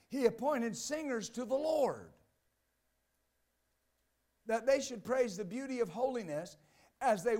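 High-pitched male pastor preaching, reads the scripture then hammers it home, lots of amens. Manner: emphatic, repeats "Amen" and "believe that". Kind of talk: sermon.

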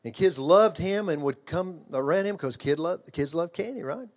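A man's voice: on the high side, animated, moderate pace. An older man preaching a sermon in an emphatic, conversational way, repeating phrases, restarting lines and asking the congregation questions. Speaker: pastor and children's ministry trainer.

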